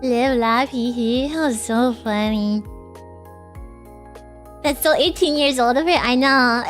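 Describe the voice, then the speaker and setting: Very high-pitched giggly woman streamer. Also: fairly bright tone. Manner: giggly, rambling, lots of fillers. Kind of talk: casual livestream storytelling.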